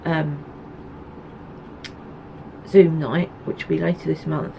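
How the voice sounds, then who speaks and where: A woman's voice: deep voice, little pitch movement, takes it slowly, creaky, dark tone, a little hiss or hum, poor audio. A woman from Essex, hosting a knitting video podcast in a rambling, chatty way with many ums and asides. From Essex, England. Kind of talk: casual chat to camera.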